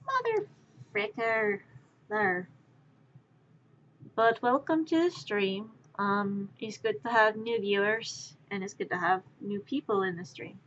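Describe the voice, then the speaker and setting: A woman streamer chatting casually with viewers while she crafts, rambling and distracted, sometimes muttering softly to herself. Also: medium pitch, slow, a little hiss or hum. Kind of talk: casual live-stream chat. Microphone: wearing headphones. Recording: dull lo-fi stream audio.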